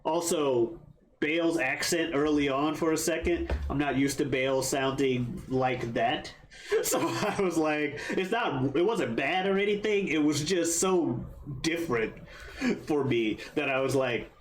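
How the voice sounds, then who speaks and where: A man's voice: a little high, measured pace, slight background noise. Rambling, swearing man reviewing a film. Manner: rambling, swears, quotes his own reactions. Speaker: podcast co-host, first-time viewer. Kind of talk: casual movie review chat.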